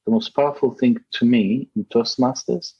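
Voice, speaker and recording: A man's voice: medium pitch, fairly even intonation, moderate pace, slightly rough, dull audio. A man for whom English is a second language, giving emphatic interview answers over a remote call. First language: not English. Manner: emphatic, acts out quoted voices. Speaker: podcast guest, public speaking champion.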